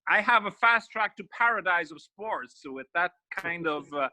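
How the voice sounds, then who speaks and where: A man's voice: sits high, lively intonation, normal speed, pushed and bright, rough recording. A man from Milan, Italy, chatting on a family video call and telling a self-mocking story. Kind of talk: casual chat.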